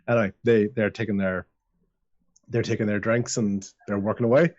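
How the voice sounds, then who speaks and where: Man, game master, rambling narration, low voice, muffled audio. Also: fairly even intonation, normal speed, a little mellow. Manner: rambling, filler-heavy.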